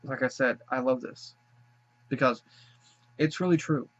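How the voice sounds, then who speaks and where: A man's voice: medium pitch, unhurried, a bit bright, muffled recording. A man hosting a reaction video, talking emotionally and gushing with thanks after having cried. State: teary after crying. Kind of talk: casual reaction commentary.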